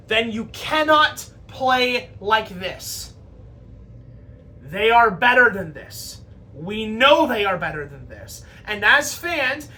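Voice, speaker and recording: A woman's voice: high-pitched, bright, forceful tone. A woman hosting a fan show, delivering an impassioned, scolding post-game rant with profanity. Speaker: podcast host.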